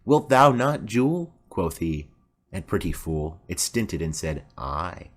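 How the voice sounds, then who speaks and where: A man's voice: low voice, very animated, slow, breathy edge, pitched below the performer's own voice, heavily acted. A man voicing a chatty, rambling old female nurse in an audiobook play reading. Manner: rambling, garrulous.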